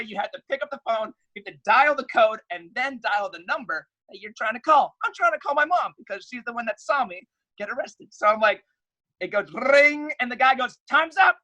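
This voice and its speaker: A man's voice: extremely high pitch, rough recording. A young man, a podcast guest, telling a story in casual chat and acting out the voices in it. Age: young adult. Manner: animated, acts out quoted voices loudly.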